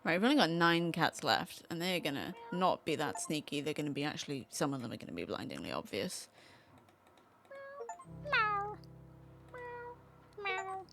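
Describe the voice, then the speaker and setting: A woman's voice: sits low, expressive, quick pace, creaky, hardly any pauses, fairly bright tone, a little hiss or hum. A woman streaming a casual game from home, chatting playfully and talking to the cats on screen. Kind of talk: casual gameplay commentary.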